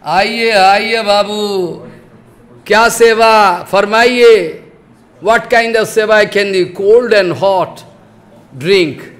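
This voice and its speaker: A man's voice: sits high, slow pace, a bit bright. A man voicing an overpolite male shopkeeper who coaxes a customer with sweet welcomes. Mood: fawning. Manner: coaxing, over-welcoming patter.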